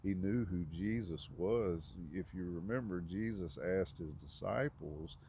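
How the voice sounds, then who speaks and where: A man giving an informal, conversational sermon, halting often with fillers and restarts. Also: deep voice, dark tone, slight background noise. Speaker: preacher.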